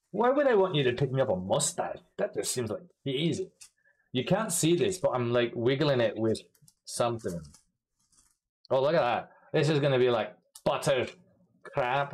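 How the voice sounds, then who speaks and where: A young man chats casually with viewers during a live stream, laughing and swearing, and his voice frequently leaps up loud and high.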